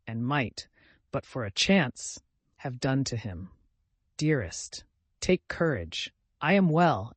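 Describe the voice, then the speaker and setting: A man narrating an audiobook in a measured, even delivery. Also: medium pitch, no room sound.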